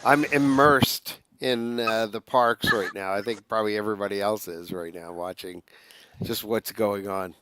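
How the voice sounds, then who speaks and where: A man's voice: fairly low pitch, steady tone, normal speed, fairly bright tone, smooth, dry recording. A man hosting a podcast and chatting casually, steering the conversation between guests. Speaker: podcast host. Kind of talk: casual chat.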